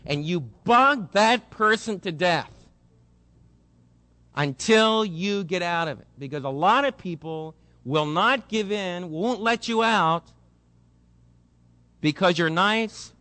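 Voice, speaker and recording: A man preaching a sermon, explaining scripture and acting out the voices of people in his congregation. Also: sits high. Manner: animated, acts out quoted voices, speeds up when excited. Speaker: pastor.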